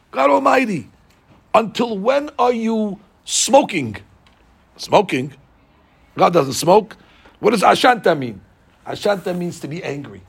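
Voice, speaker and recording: Man teaching scripture to a class, husky voice, lively, keeps throwing questions out. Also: sits high. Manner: animated, asks the class questions. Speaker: Torah teacher. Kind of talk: Bible class lecture.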